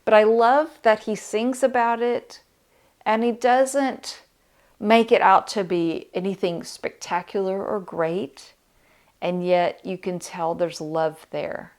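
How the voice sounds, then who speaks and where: A woman's voice: mid-range voice, steady tone, slow, darkish tone. Reflective middle-aged woman sharing records. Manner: reflective and heartfelt, with frequent "uh" and "um". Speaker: vinyl record channel host. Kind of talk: casual talk to camera.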